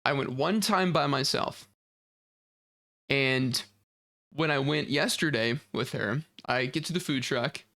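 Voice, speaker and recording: A man's voice: medium pitch, slow pace, pauses often, sharp tone, no echo. A young man, chatting casually as a game streamer and rambling through a story. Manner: rambling storytelling, acts out quoted voices, laughs often. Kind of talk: casual chat while gaming. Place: home streaming setup.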